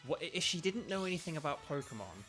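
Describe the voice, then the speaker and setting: A man's voice: on the high side, sing-song, fast, fairly bright tone, faint music behind. A young British man chatting casually while streaming a video game, rambling with lots of ums and restarts. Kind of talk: casual live-stream chat.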